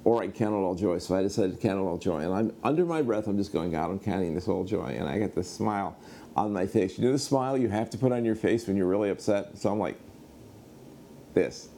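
A middle-aged man from the United States telling a personal story in a sermon, animated, acting out the other people in it. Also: on the low side, fast, a little hiss or hum. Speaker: preacher.

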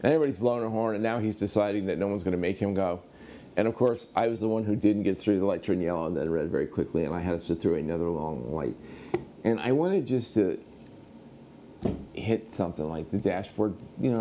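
A middle-aged man from the United States telling a personal story in a sermon, animated, acting out the other people in it. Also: low voice, a little hiss or hum. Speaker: preacher.

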